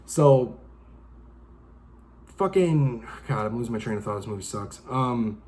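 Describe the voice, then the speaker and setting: A man's voice: medium pitch, animated, measured pace, a little mellow. A young man giving a casual, profane, rambling movie review, exasperated and acting out lines from the film. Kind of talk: casual rant-style review.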